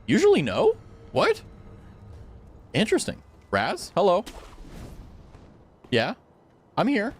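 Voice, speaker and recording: A man streaming a game, voice somewhat high and leaping all over the place, from low mutters to squeaky yelps. He rambles, laughs a lot and swears casually, with faint noise behind him. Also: wildly swooping pitch, measured pace, long pauses. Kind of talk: casual live gameplay chat.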